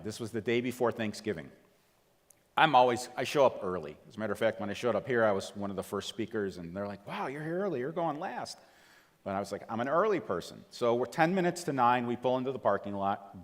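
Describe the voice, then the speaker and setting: Animated man telling a story in a reverberant hall. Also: medium pitch. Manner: animated storytelling, acts out quoted voices, asks the audience questions. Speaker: TEDx speaker. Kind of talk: storytelling talk to a live audience. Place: large auditorium.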